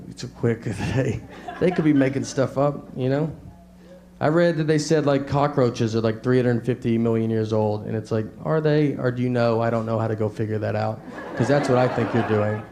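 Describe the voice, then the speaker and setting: A man from Tennessee with a Southern accent, telling a stand-up comedy set in a laid-back, deadpan way with hesitant fillers. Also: mid-range voice. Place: live comedy venue with audience. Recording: echoey live venue with audience laughter.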